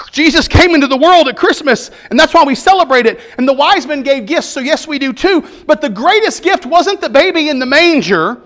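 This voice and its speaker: Brief: male pastor preaching, high-pitched, rhythmic repeated phrases, emphatic delivery. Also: a bit bright. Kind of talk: sermon.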